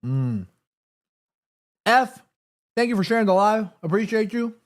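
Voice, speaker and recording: This man's voice is high and very animated, though his pace stays measured. He hosts a laid-back watchalong from his home room with a sore throat, chatting, reading out chat messages, and eating between lines.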